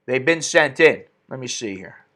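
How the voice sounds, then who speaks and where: A man's voice: medium pitch, expressive, moderate pace, pushed and bright. A man hosting an opinionated commentary stream, ranting indignantly and reading viewer comments aloud. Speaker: political commentary host.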